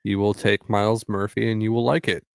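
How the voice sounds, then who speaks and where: A man's voice: on the low side, level tone, brisk, vocal fry, clean tone, no room sound, clean studio sound. A man co-hosting a livestream sports podcast, talking in playful, joking banter. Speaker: podcast co-host. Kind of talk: casual livestream sports chat.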